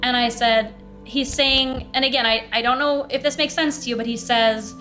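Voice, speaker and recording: A woman's voice: sits high, moderate pace, hardly any pauses, soft background music. A young woman hosting a podcast, telling a personal story in casual chat and acting out the voices of the people in it. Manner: animated storyteller, acts out quoted voices. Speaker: podcast host.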